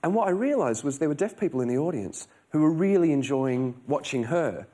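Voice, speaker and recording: A male comedian guest telling animated stories in casual talk show chat. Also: a little high. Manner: animated storytelling, quick jokey asides.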